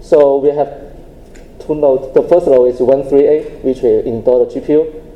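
A man giving a technical conference presentation with a live demo. He explains step by step in a halting way, often restarting his phrases. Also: mid-range voice, steady tone, lo-fi sound.

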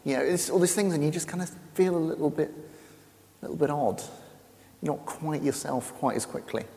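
A man's voice: fairly high pitch, brisk, creaky, warm tone, long reverb tail. An English man giving a chatty, self-deprecating talk to an audience, often restarting his sentences. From England. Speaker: speaker. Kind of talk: casual presentation to an audience.

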